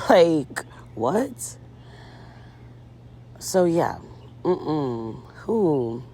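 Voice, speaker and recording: A woman's voice: extremely low pitch, a little slow, a little mellow, slight background noise. A woman recapping a reality show in casual commentary, sassy and chatty with lots of fillers, talking to her viewers as girl and ladies.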